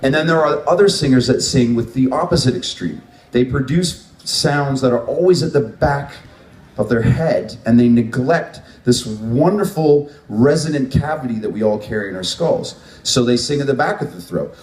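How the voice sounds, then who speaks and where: A man's voice: mid-range voice, animated, normal speed, a little mellow. Man, vocal coach, workshop teaching, demonstrating sounds, roomy echo, distant mic. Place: workshop room at a music event. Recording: echoey room, from far off.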